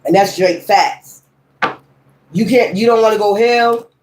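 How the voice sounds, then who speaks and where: A woman's voice: mid-range voice, unhurried, darkish tone, a little hiss or hum. Fifties woman, tarot reader, heated and foul-mouthed, mid-range voice. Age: 50s. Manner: blunt, profane, heated. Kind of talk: tarot reading with ranting commentary.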